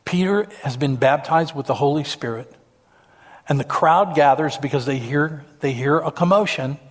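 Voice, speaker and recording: Male pastor, slightly high, emphatic storytelling sermon. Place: church stage.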